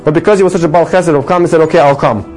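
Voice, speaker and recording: Fast-talking man telling a moral story. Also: on the high side, soft background music, poor audio. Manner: animated storytelling, voice rises for dramatic lines. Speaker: storyteller teaching a religious lesson. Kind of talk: sermon-style story with a moral.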